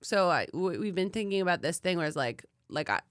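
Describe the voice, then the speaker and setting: A woman's voice: lowish voice, fairly quick, no echo, clean studio sound. A woman co-hosting a podcast in casual chat, telling stories with lots of fillers and acting out quotes. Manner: animated storytelling, many fillers, acts out quotes. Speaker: podcast co-host.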